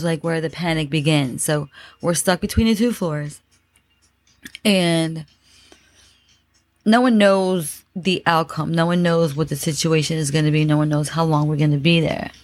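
A woman's voice: sits low, no echo. A woman host telling a dramatic personal story, repeating phrases and using many fillers. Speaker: podcast host.

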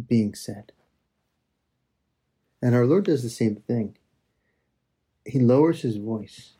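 A man leading a slow, reflective spoken prayer meditation, addressing God and his listeners with soft pauses. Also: mid-range voice, slightly rough.

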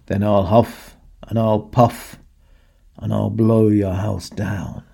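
A man voicing a hungry, menacing big bad wolf in a children's story, with drawn-out growling threats. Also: fairly low pitch, flat delivery, vocal fry, mellow, heavily acted.

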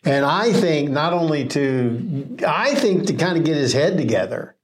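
A man co-hosting a casual Bible discussion, telling stories in a relaxed way with easy laughs. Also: on the high side, measured pace. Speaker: co-host of a Bible study podcast.

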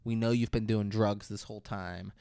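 A man's voice: on the low side, steady tone, normal speed, gravelly, mellow, clean tone, dry recording, clean studio sound. A man co-hosting a podcast, casually recapping a movie and acting out the characters' lines with plenty of profanity. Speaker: podcast co-host.

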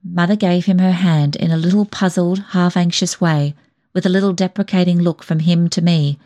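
A woman narrating a novel in a gentle, reflective tone. Her voice sits a little low and unhurried, steady throughout the telling. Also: dry recording. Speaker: audiobook reader. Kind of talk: audiobook narration.

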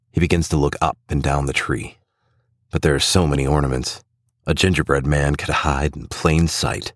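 A man narrates a storybook tale in an extremely deep voice. He reads in a steady, even manner, close and dry with no room sound. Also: no echo.

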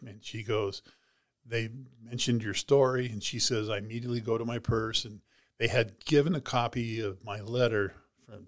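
A man, a heart transplant recipient, casually retelling a personal story in an interview, rambling with many "you know"s and "she goes". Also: on the low side.

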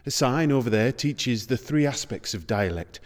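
A man hosting a podcast in measured, explanatory scripted narration. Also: mid-range voice, lively intonation. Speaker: podcast host. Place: large circular museum room. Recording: reverberant space.

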